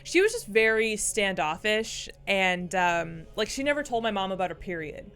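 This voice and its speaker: A woman's voice: medium pitch, sing-song, moderate pace, a bit bright, clear, resonant tone. A young woman co-hosting a stream, telling candid stories with casual swearing and laughter. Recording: faint music underneath.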